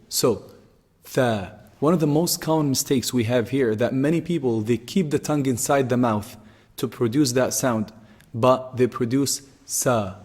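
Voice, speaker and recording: A man's voice: medium pitch, darkish tone, breathy edge, in a large hall. A man teaching how to pronounce letters, patiently repeating each sound several times as he explains it. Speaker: Quran teacher. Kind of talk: pronunciation lesson.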